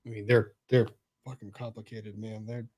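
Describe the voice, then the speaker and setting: A man's voice: on the low side, level tone, moderate pace. A man hosting a casual online legal panel chat over a video call, wry and joking. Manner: wry, joking, talks to his dog in a soft voice. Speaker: show host.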